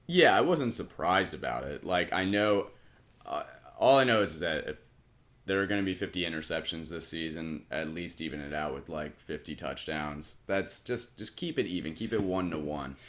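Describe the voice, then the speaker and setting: A man's voice: a bass voice, expressive, moderate pace, fairly bright tone. A young adult man co-hosting a podcast in casual chat, hungover, swearing a lot and laughing while he rambles. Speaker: podcast co-host.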